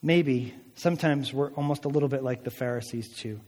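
A man's voice: mid-range voice, a little fast, a little mellow, long reverb tail. A male pastor preaching a sermon, earnest and emphatic, with a lot of repetition.

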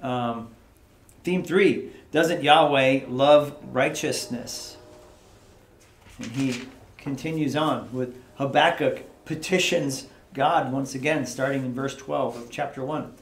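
Man, Bible study teacher, casual conversational teaching, asks "right?" often, mid-pitched voice, echoey office. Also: slow. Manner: conversational, keeps asking "right?" to the group; dramatizes prayers in an exasperated voice. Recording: echoey room.

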